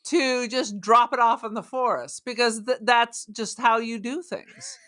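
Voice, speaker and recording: A woman's voice: on the high side, fairly even intonation, measured pace, a bit bright. A woman co-hosting a podcast in casual chat, joking sarcastically. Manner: sarcastic, jokey. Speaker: podcast co-host.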